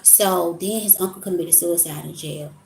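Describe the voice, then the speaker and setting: A woman's voice: on the low side, moderate pace, creaky, darkish tone. Woman, casual spiritual vlog talk, rambling storyteller, roomy echo, faint background hiss. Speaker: spiritual vlogger. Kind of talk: casual monologue. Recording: echoey room.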